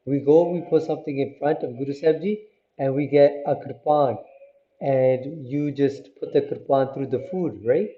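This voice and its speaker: A man's voice: mid-range voice, moderate pace. A man telling a religious story in a casual, conversational way, checking in with listeners as he goes. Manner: conversational, many fillers and "right?" check-ins. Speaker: storyteller for a Sikh teaching channel. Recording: roomy, dull lo-fi sound.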